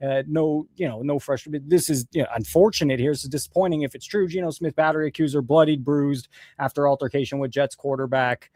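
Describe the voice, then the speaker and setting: A man's voice: a little high, fairly even intonation, quick pace, darkish tone, dry recording, studio quality. A man hosting a casual live show, ranting and sarcastic with frequent swearing. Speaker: host.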